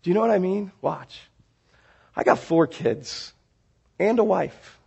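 A man's voice: high voice, unhurried, creaky, breathy edge. A man preaching a sermon in a church sanctuary, telling everyday stories and acting out scenes as he goes. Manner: animated storytelling, acting out scenes. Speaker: pastor.

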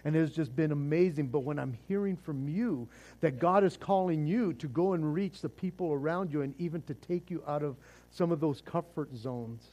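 A man's voice: fairly high pitch, moderate pace, mellow. A man preaching a sermon as pastor, fervent and casual, often repeating words as he restarts.

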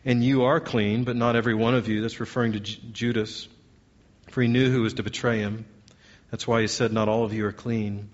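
A man's voice: mid-range voice, level tone, fairly quick, muffled recording. A man preaching as a pastor, earnest, putting question after question to his congregation. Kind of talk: sermon.

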